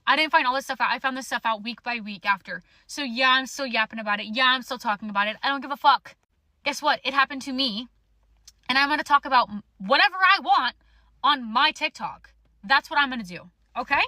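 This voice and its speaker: A woman's voice: high voice, fast talker, sharp tone, no room sound. A young woman telling a storytime to her phone camera in an angry rant, swearing bluntly. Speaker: social media storyteller.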